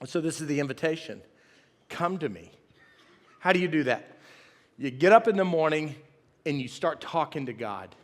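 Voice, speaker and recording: A middle-aged preacher with a drawl and a fairly high voice, cracking jokes at his own expense and calling out to his congregation. His sermon rings out through a big church sanctuary with a long reverb trailing behind him. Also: animated, moderate pace, pauses often. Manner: folksy, self-deprecating, jokes with the congregation. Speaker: pastor.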